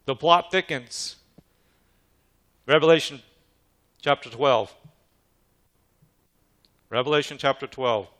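Slow, emphatic male preacher. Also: medium pitch, a bit bright. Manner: emphatic preaching with call-and-response questions to the congregation. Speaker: pastor. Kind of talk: sermon.

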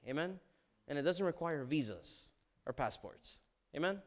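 A preacher in a church sanctuary reads scripture aloud during his sermon, interrupting himself with loud emphasis, low asides, and shouts of "amen?"

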